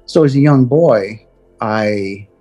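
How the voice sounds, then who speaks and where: A middle-aged man earnestly telling of his near-death experience, often halting and repeating words as he goes. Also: on the low side, warm tone, husky, faint music behind. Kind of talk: personal testimony.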